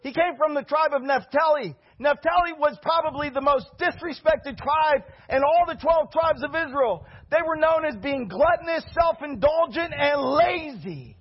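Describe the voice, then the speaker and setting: A man preaching a sermon as pastor, animated, with rhetorical questions and shouted peaks. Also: very high-pitched, normal speed, few pauses, muffled recording.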